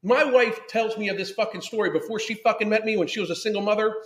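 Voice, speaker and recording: A man's voice: high-pitched, quick pace, fairly bright tone, roomy sound. Profane, angry man ranting on a podcast. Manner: swears constantly, angry and emphatic, reads chat comments aloud. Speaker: podcast host reacting to a video and live chat. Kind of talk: profane live-stream rant.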